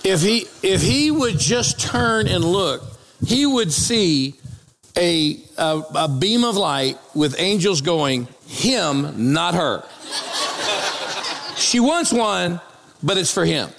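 A man's voice: sits high, takes it slowly, vocal fry, in a large hall, slight background noise. A man preaching and telling a comic story from the pulpit, acting out each voice. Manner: animated, comic storytelling with acted-out quotes. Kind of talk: storytelling sermon.

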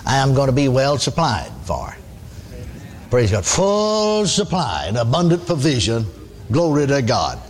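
A man's voice: medium pitch, huge pitch swings, a little slow. A man preaching a sermon in a folksy style, often exclaiming praise and asking for amens. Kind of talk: radio sermon.

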